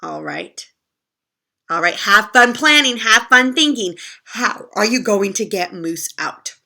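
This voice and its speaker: Reading a picture book aloud in a children's lesson, a woman teacher stops to ask the kids questions directly. Her medium-pitched voice is bright, forceful, and expressive, and she takes her time.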